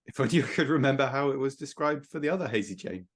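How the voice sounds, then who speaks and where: A man co-hosting a casual podcast, cracking quick, dry jokes. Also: mid-range voice, animated. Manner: quick dry quips, jokey. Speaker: podcast co-host. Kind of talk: casual chat.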